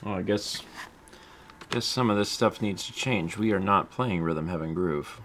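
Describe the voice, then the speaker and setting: A man's voice: low voice, a little slow, fairly bright tone, a little hiss or hum. A man chatting casually on a game stream, rambling and amused, with frequent fillers and asides.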